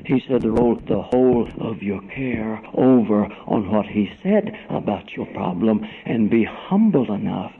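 A man preaching a sermon, swinging between loud cries and hushed whispers and calling the congregation "brother". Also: fairly low pitch, lively intonation, a little slow, vocal fry, few pauses, slight background noise. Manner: dramatic swings from shouts to whispers. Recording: tinny phone-like radio broadcast.

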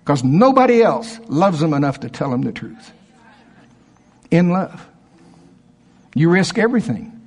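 A man preaching a sermon as a pastor, acting out objections from his listeners in a higher voice. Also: moderate pace, long pauses. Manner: animated preaching, voicing objections in a higher pitch.

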